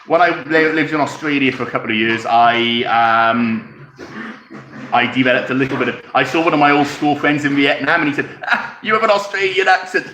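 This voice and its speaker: Welsh man, rambling live-stream host, bright voice, chuckles between comments. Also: medium pitch, a little hiss or hum. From Wales. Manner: rambling, chuckling, pauses to sip tea. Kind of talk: casual live chat reading comments. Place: his home. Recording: echoey room.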